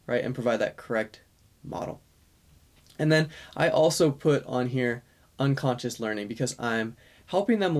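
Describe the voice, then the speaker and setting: A man, a speech-language pathologist, calmly explaining a strategy to parents in a course lesson, with fillers and self-corrections. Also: mid-range voice.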